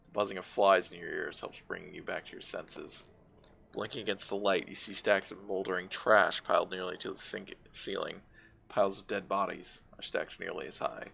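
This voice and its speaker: A man's voice: low-pitched, steady tone, normal speed, vocal fry, sharp tone, slight background noise. A man streaming a video game, reading its narration aloud and wryly commenting on it. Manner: wry, reads vivid game narration and reacts casually.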